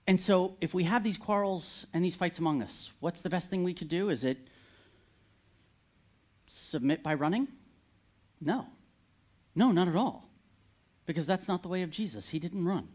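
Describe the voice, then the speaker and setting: A man preaching a sermon, candid and animated, retelling a Bible story with occasional laughs. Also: fairly high pitch, measured pace, pauses often.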